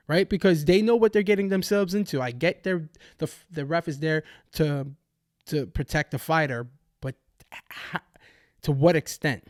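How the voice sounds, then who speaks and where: Young guy podcast host going off, swearing a lot, kinda high voice, dry close sound. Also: darkish tone, no echo. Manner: angry ranting, profane, many restarts. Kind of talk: heated sports-betting commentary.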